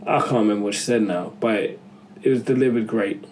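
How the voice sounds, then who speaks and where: A man's voice: lowish voice, a little fast, darkish tone, a little hiss or hum, low-quality recording. A man giving a casual, rambling spoken film review, often losing his thread and correcting himself.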